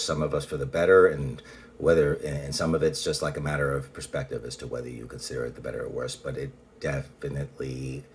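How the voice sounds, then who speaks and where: A man's voice: extremely low pitch, slight background noise. A man talking in a casual personal monologue, rambling and blunt, often restarting sentences and swearing. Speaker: vlogger.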